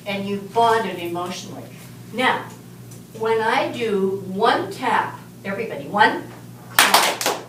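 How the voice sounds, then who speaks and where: A woman teaching a class of young children, speaking slowly and patiently as she leads clapping and rhythm chants. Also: medium pitch, a bit bright. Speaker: music teacher. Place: elementary school classroom. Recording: echoey classroom from far off, noisy.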